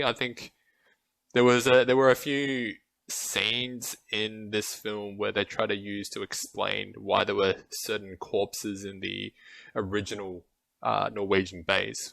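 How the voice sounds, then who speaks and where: A man with a low, gravelly voice reviewing a movie on a podcast. He speaks in a flat, measured way with hesitant fillers. The sound is dry and close. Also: no echo. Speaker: podcast co-host. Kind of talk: casual film review chat.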